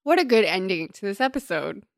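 A woman's voice: mid-range voice, big pitch swings, brisk, vocal fry, no room sound. A woman co-hosting a podcast in casual chat, trading playful, dry quips. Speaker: podcast co-host.

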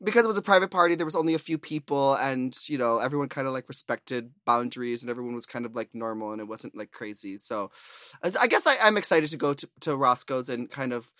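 A male podcast co-host with a lively voice that swings widely up and down in pitch. He talks in a playful, animated way and swears freely. The sound is close and dry, with no room echo. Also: quick pace. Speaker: reads listener emails aloud. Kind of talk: casual podcast chat.

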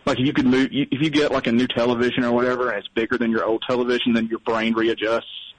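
A man's voice: mid-range voice, little pitch movement, fast talker, dry recording, dull audio. A man from North Alabama, calling into a radio show, rambling in a wry, self-deprecating way while getting over being sick. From North Alabama, USA. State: sick, recovering. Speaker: caller. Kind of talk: casual call-in chat.

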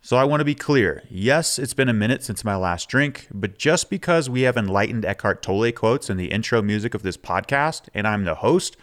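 A man hosts a podcast in a candid, relaxed monologue. His voice sits a little low. He talks openly and casually, swearing now and then. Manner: frank, casual, swears freely. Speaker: podcast host.

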